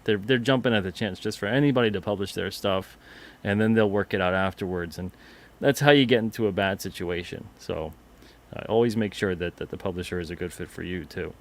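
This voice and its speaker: A man co-hosting a casual livestream about comic publishing, chatty and getting animated when he vents. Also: sits low, a little fast. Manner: chatty, gets animated and amused when venting.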